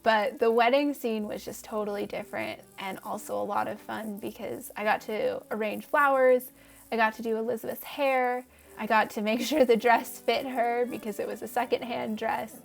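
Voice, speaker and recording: A woman's voice: on the high side, steady tone, moderate pace, creaky, soft background music. A woman from a film crew recalling her tasks on set in an upbeat, enthusiastic way. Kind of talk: behind-the-scenes recollection.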